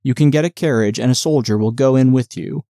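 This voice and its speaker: A man's voice: medium pitch, a little fast, mellow, no room sound, studio quality, natural voice. A man voicing a formal, officious male border lieutenant who questions travelers in clipped sentences.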